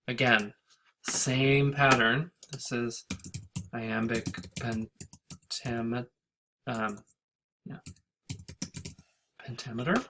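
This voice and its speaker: A man's voice: medium pitch, extremely slow, long pauses, noisy background. A man teaching a class, talking through a screen-recorded lecture and thinking aloud as he goes, with fillers and self-corrections.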